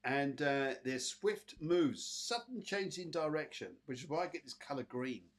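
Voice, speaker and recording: A man's voice: fairly high pitch, expressive, a little slow. A British man hosting a live online psychic show, chatting casually with viewers and giving readings with lots of fillers. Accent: British English. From Britain. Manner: chatty, addresses viewers by name, many fillers. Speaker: psychic medium and show host.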